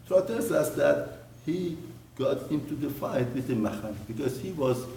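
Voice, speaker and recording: A man, a rabbi, teaching a mussar lesson on the weekly Torah portion, telling a story with lively swings from loud emphasis to hushed murmurs. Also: medium pitch, normal speed, creaky, slight background noise. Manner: animated storyteller, voice rising and dropping to near murmur. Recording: roomy, distant mic with faint ambience.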